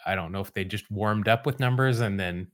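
A man with a fairly low voice hosts a casual podcast chat. He lays out history in a relaxed, storytelling way. He drops dry, wry asides along the way. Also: a little fast. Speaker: podcast host.

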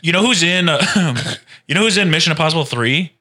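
A young man co-hosting a podcast, delivering absurd crude jokes deadpan. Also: fairly high pitch, fairly quick. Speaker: podcast co-host. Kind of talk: crude casual banter.

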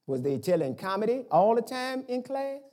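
A man preaching a sermon in a loose, colloquial way, now and then breaking into shouts. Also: very high-pitched, moderate pace. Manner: animated, colloquial, bursts into shouts.

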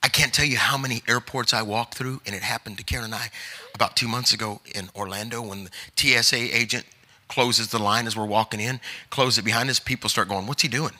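A man's voice: mid-range voice, steady tone, brisk, sharp tone. A middle-aged man preaching as an evangelist, telling stories and building to emphatic urging. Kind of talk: sermon. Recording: long hall reverb.

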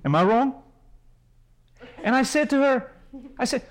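A man preaching a sermon as a pastor and Bible school teacher, impassioned, swinging between loud rises and hushed drops. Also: on the high side, normal speed, long pauses, rough recording.

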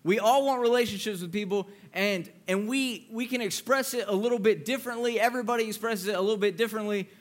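A young youth pastor gives a sermon in a playful, joking manner, acting out voices to make his point. His voice sits high and he speaks quickly, with hardly any pauses.

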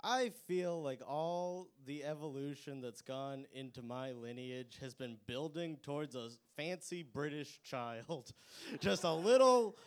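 A man's voice: fairly high pitch, unhurried, few pauses, clean tone. A man riffing as a comedian contestant on a club stage, playful and giggly. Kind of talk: stand-up riffing.

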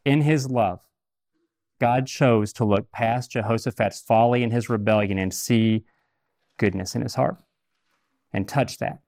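Male preacher, candid storytelling sermon, dry close sound, mid pitch. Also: steady tone, unhurried, long pauses, a little mellow, no echo. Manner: candid, personal storytelling with repeated phrases. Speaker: pastor.

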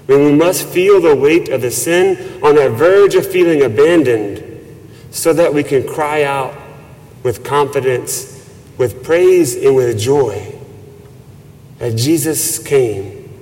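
A man preaching a sermon as a priest, slow and measured with reverent emphasis. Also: medium pitch, a little mellow. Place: church. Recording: long church reverb.

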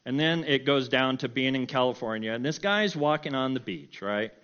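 A middle-aged man telling a personal story in a sermon, animated and self-mocking, often breaking into laughter. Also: mid-range voice, moderate pace, clear, resonant tone, highs cut off. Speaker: preacher.

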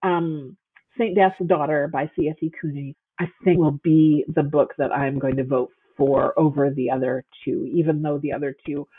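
Husky woman on a tinny phone line. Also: low-pitched, fairly even intonation, normal speed. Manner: enthusiastic, gushing, many fillers. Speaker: guest author. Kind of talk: casual chat. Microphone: phone call.

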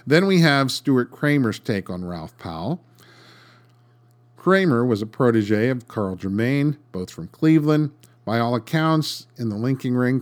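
A man hosting a podcast, reading a scripted history narration with dry, sarcastic asides. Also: medium pitch. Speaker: podcast host.

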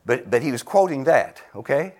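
A man in his seventies preaching a sermon, exclaiming loudly, laughing between phrases and dropping to a near whisper for emphasis. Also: medium pitch, expressive, moderate pace. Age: 70s.

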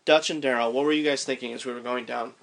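A man casually recounting an underground climb to his companions as an animated storyteller. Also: mid-range voice, quick pace, vocal fry. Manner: animated storyteller, shouts in quoted lines.

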